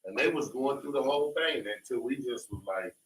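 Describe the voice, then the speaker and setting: A man's voice: mid-range voice, expressive, brisk, recorded from a distance. A man chiming in during a Bible class with loose, rambling commentary. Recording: echoey room, off-mic.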